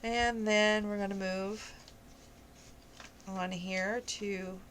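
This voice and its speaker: Woman reading a novel aloud, flat. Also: mid-range voice, extremely slow, slight background noise. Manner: unpolished reading with slips and restarts, counting off page numbers. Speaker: reader of a novel. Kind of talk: casual read-aloud of a novel.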